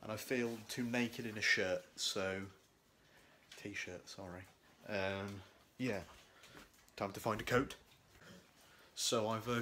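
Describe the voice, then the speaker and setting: Vlogging casually at home, both indoors and out, a young man rambles and jokes at his own expense, using many fillers. His voice sits on the low side with a fairly bright tone. A handheld camera held at arm's length records it, with a bit of hiss or hum.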